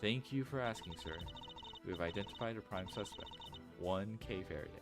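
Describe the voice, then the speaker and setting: A man's voice: fairly low pitch, fairly quick, lightly acted. A man doing a stern young woman prosecutor. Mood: stern, formal. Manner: curt and formal. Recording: game music playing behind.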